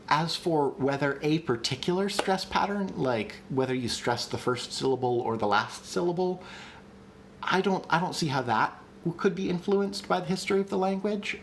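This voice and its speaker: A man teaching on a live stream, answering chat questions and thinking out loud with frequent ums and restarts. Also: on the high side, slight background noise. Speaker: streamer teaching language creation. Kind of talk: live-streamed casual lecture.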